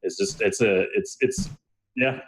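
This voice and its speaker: A man narrating as game master of a tabletop game, halting, with many fillers and restarts. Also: on the low side, slight background noise.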